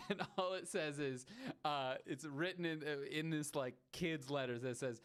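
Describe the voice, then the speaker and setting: A man co-hosting a podcast, telling a story in expressive casual chat. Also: a little high, measured pace, clear, resonant tone. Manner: expressive, breaks into laughter. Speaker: podcast co-host.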